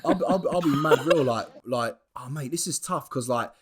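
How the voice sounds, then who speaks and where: Excitable South London bloke chatting. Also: male voice, mid-range voice, moderate pace, husky. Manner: laddish, excitable, swears a lot. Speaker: podcast co-host. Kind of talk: casual chat.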